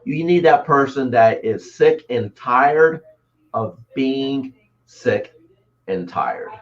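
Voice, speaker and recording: A male sales coach speaking as an interview guest, mid-pitched and driven. He tells motivational stories and acts them out. The call audio sounds somewhat dull and lo-fi. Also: slow pace. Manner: animated storyteller, acts out voices.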